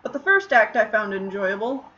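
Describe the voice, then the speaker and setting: A woman's voice: mid-range voice, sing-song, moderate pace, bright, forceful tone, muffled recording. A woman streamer chatting casually while drawing, answering questions in a rambling way with lots of fillers.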